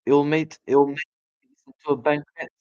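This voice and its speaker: A man voicing a clever grown male fox in a storybook, speaking in a hushed, savoring way. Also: on the high side, level tone, a little fast, dull audio, natural voice. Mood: hearty.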